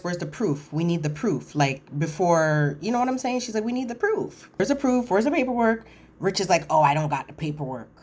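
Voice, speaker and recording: A woman casually recapping a reality TV episode, chatty and animated, acting out cast members' lines and correcting herself as she goes. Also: lowish voice, breathy edge. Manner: animated, quotes cast members in voiced asides; chatty, frequent fillers and self-corrections.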